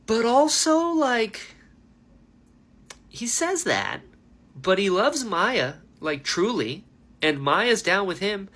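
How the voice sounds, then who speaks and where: Man, casual reaction chat, bouncy expressive pitch, chatty with lots of "like". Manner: animated, chatty, heavy use of "like" and "dude". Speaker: book reaction host.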